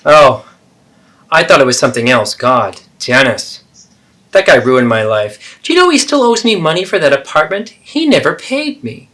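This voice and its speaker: A man's voice: fairly high pitch, sing-song, normal speed, bright, forceful tone. A man voicing a defensive, self-pitying middle-aged mother who deflects and guilt-trips in a therapeutic role-play.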